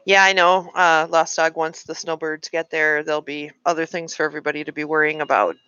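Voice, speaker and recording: A woman's voice: low voice, flat delivery, fairly quick, bright, forceful tone, smooth, no room sound, highs cut off. A woman in her late forties chatting frankly to her live-stream viewers, venting and answering comments. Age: 40s. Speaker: livestream host. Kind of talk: casual live-stream chat.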